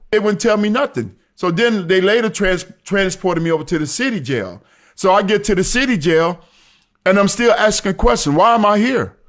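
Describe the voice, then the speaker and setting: A man's voice: high-pitched, a bit bright. A man telling a story in an earnest, casual way, who repeats himself for emphasis. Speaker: storyteller recounting his arrest.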